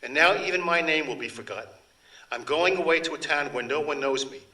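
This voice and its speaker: A man's voice: on the high side, a little fast, sharp tone, distant mic, poor audio. A man reading aloud, voicing a devout young peasant woman who pleads emotionally with her master. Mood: imploring. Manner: emotional, imploring.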